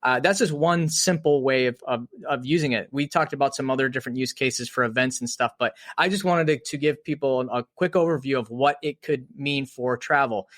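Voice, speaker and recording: A man's voice: medium pitch, brisk, few pauses, fairly bright tone, no echo, clean studio sound. A man co-hosting a podcast, talking earnestly in casual chat and often restarting his sentences. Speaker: podcast co-host.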